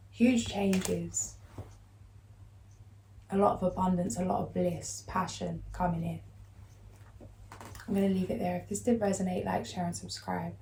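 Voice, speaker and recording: A woman doing a spiritual card reading, talking in a calm, soothing, unhurried way as she reads aloud. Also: fairly low pitch, gravelly. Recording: echoey room, faint background noise.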